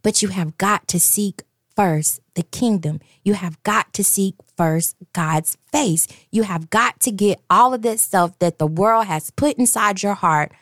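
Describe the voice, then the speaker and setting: A woman's voice: mid-range voice, measured pace, a bit bright, no echo, clean studio sound. A woman co-hosting a faith podcast, exuberant and preacherly, reading scripture and encouraging listeners. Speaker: podcast co-host.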